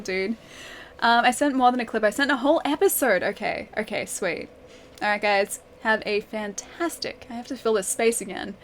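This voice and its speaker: A woman's voice: a little high, a little hiss or hum. A young woman game streamer in casual live-stream chat, giggling often as she reads and answers her viewers' messages.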